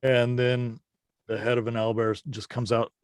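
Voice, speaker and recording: A man running a tabletop game as game master, narrating scenes in an unhurried, descriptive way with the odd chuckle. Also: medium pitch, flat delivery, clean tone, no echo, studio quality.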